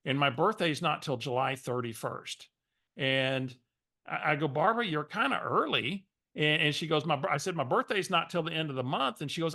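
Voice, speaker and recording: A man coaching, telling a lively story and acting out a phone call. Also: fairly high pitch, normal speed. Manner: animated storyteller, acts out phone calls.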